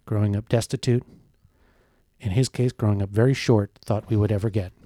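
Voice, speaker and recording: A man telling a comic story with deadpan, mock-solemn delivery in casual chat. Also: lowish voice, a little fast, no room sound. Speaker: podcast co-host.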